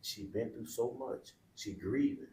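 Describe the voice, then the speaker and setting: A man's voice: medium pitch, measured pace, a little mellow, slight background noise. A middle-aged man, a podcast guest, telling a heartfelt personal story in a candid, colloquial, emotional way. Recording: roomy echo.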